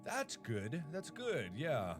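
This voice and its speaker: A man's voice: a little high, huge pitch swings, slow pace. Jumpy man yelping at a horror game. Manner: jumpy, yelps and swears at scares; wry asides between outbursts. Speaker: streamer. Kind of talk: live game reaction commentary. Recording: game music loud behind voice. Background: game music.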